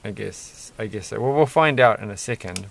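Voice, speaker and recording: A man's voice: fairly low pitch, animated, normal speed, creaky. A man casually rambling and musing aloud as he builds a toy set, mildly self-deprecating.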